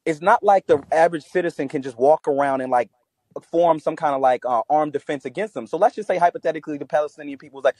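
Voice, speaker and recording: Male podcast co-host, slightly high voice, dry close recording, loose profane rant style. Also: quick pace, darkish tone, no echo. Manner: loose, profane, filler-heavy ranting. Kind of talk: casual chat.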